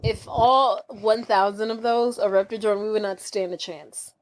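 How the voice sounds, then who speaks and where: A woman's voice: medium pitch, normal speed. A woman co-hosting a podcast, recapping a movie in casual chat and laughing often as she tells the story. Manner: giggly, animated storytelling. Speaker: podcast co-host.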